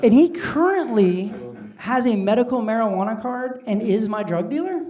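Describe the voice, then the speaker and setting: A man's voice: very high-pitched, expressive, moderate pace, a little mellow. Middle-aged man doing loose stand-up. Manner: loose, conversational delivery with many "like" fillers. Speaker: stand-up comedian. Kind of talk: stand-up comedy set. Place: comedy club stage. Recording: roomy club sound from a distant mic with audience. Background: audience laughter.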